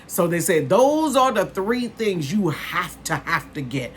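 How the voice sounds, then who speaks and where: Chatty woman in her fifties, lowish voice. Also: a little slow, slight background noise. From northern United States. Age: 50s. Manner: chatty, says "honey" and "you guys" a lot, bursts into excitement. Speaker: vlogger. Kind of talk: casual chat to viewers.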